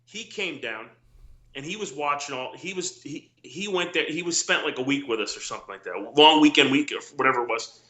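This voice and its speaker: A middle-aged man with a very bright, forceful voice spins rambling stories, acting out the quotes of people he talks about. His voice rings in an echoey room. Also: medium pitch, expressive, a little fast. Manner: rambling anecdotes with quoted dialogue, many restarts. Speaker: former wrestler, guest. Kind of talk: casual storytelling interview.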